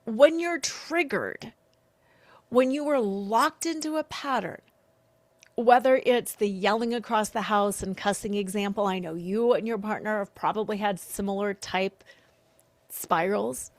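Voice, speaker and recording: A woman hosting a solo podcast as a coach, speaking earnestly and in an animated way, often acting out the lines she quotes. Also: mid-range voice, a little slow, no room sound. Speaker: podcast host and betrayal coach.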